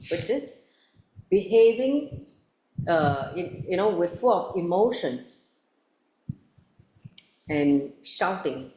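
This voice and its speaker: A woman's voice: fairly low pitch, takes it slowly, pauses often, slight background noise. Woman telling a story in an echoey room. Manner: animated, acts out the story, frequent fillers. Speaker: spiritual teacher. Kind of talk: storytelling talk to listeners.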